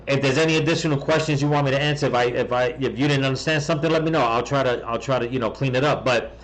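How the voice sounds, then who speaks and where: A man's voice: mid-range voice, steady tone, rapid-fire, low-quality recording. A man hosting a rambling political commentary, blunt and heated, swearing often, restarting his sentences and tagging them with "okay?". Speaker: political commentary channel host.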